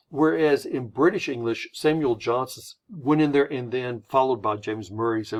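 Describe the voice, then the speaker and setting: A man's voice: mid-range voice, normal speed. A man presenting a slide lesson on word choice, explaining in a friendly, conversational way. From United States. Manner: friendly, explanatory, lively intonation.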